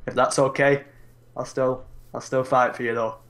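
A man's voice: mid-range voice, little pitch movement, moderate pace, fairly bright tone. A young man, chatting casually and joking while playing a game with a friend. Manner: chatty, joking, playful silly asides. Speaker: guest co-player. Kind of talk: casual gameplay commentary.

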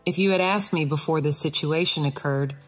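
A woman's voice: low voice, a little fast, breathy edge, big-room sound, soft background music. A woman voicing a snobbish, lofty female tulip flower who talks haughtily in a storybook. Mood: haughty.

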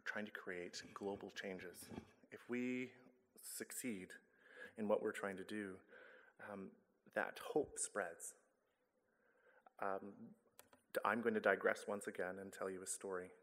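A man's voice: fairly low pitch, measured pace, fairly bright tone. A man giving an earnest, conversational talk to a church congregation, telling a personal story with some stumbles and self-corrections. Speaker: guest speaker, charity director. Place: church sanctuary. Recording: long reverb of a church hall.

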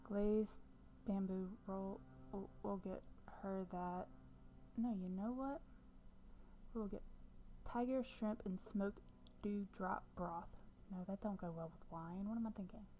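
A woman giving casual commentary over a life-sim game, chatting to her viewers and often dropping into a soft whisper. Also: medium pitch, unhurried, faint music behind. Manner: talks to viewers as "guys". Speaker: gameplay commentator.

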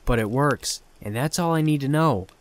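A man voicing an excitable teenage boy inventor who rambles and boasts, raising his voice to play him. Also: mid-range voice, moderate pace, lightly acted. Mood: rambling.

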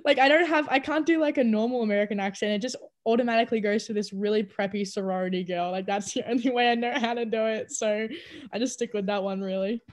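A woman's voice: on the high side, fairly even intonation, quick pace. A young adult woman with an Australian accent, chatting animatedly in an interview over a video call, laughing often. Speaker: college basketball player. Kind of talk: casual interview chat.

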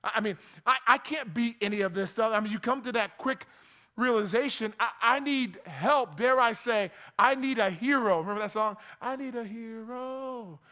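A man's voice: high voice, moderate pace, pushed and bright. A man from New Jersey preaching a sermon in a conversational, joking way, often restarting his words. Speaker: pastor.

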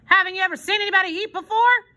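A woman reading aloud as a grumpy, gruff old male tramp in a storybook. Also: very high voice, rapid-fire, bright, forceful tone, pitched above the performer's own voice. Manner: gruff, grumbling.

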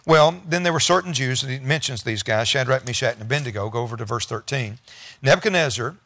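A male pastor delivering a sermon at a quick clip, reading scripture and then retelling it in everyday words. He rises into emphatic bursts as the congregation answers back. The sound is close and dry, with little room. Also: medium pitch, lively intonation, vocal fry, sharp tone, dry recording. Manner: preaching with bursts of emphasis and congregation call-and-response; reads scripture aloud then paraphrases it conversationally.

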